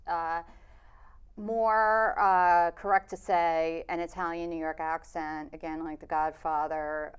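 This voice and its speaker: Thoughtful woman guest, smooth voice. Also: low voice. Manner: thoughtful, measured, with fillers. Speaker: documentary filmmaker, interview guest. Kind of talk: radio interview answers.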